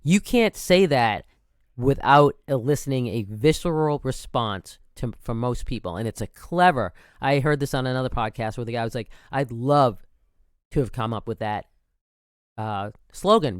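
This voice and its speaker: A man of about sixty holds forth on his podcast in a loose, wandering way, often stopping to restart or correct himself. His voice is smooth and even, at an ordinary middle pitch. The sound is dry and close. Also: moderate pace, dry recording. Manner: rambling, frequent restarts and self-corrections. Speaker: podcast host. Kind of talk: casual monologue.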